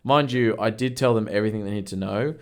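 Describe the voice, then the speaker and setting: Talking fast in a lowish, clean-toned voice, this man co-hosts a podcast and shares work stories in a casual chat. He's blunt, a natural storyteller, and curses freely.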